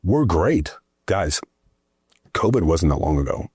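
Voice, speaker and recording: A man's voice: low voice, very animated, a little slow, darkish tone, husky, dry recording, studio quality. A man speaking as a political guest in a conversation, an emphatic storyteller who keeps asking "right?".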